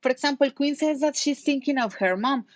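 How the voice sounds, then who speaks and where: A patient woman leads an online English lesson, explaining words and asking her students questions. Her voice is fairly high. The sound is dry and close to the microphone. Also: fairly quick, dry recording. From Mexico. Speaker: English teacher.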